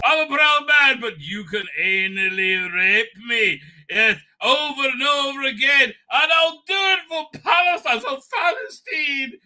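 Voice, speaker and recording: A man putting on a shrill, sing-song mocking caricature. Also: lively intonation, measured pace, few pauses, sharp tone, heavily acted. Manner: camp, sing-song, exaggerated. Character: simpering, mocking caricature of a male protester.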